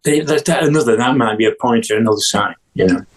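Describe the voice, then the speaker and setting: An older man from England, a guest musician, telling stories in a rambling way with many restarts and acted-out quotes in a husky voice. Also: medium pitch, quick pace, rough recording. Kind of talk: casual storytelling interview.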